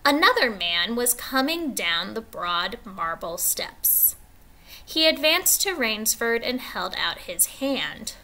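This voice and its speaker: Woman teacher reading a story aloud slowly. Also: fairly high pitch. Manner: slow, expressive classroom reading.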